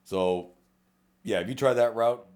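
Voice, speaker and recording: A man's voice: lowish voice, a little slow, a little mellow. A middle-aged man with a South Texas accent, a police officer co-hosting a casual podcast, blunt and profane, acting out quoted exchanges. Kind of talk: casual chat.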